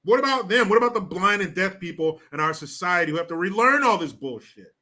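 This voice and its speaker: Bright, lively crude-talking male streamer. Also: sits high, fast. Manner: crude and mocking, laughs often. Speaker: host of a commentary livestream. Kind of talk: casual commentary reading viewer chat.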